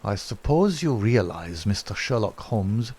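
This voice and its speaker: A bitter, captured spy spits out his words slowly and grimly, as a male reader voices him. The voice sits fairly low and is full of resentment. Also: big pitch swings, a little mellow. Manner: slow, grim and resentful.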